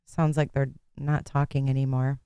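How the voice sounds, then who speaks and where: A woman's voice: a bass voice, level tone, moderate pace, dark tone, clean tone, no echo, clean studio sound. A woman hosting a livestream, chatting casually and joking with her viewers. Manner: chatty, joking, laughs often. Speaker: livestream host.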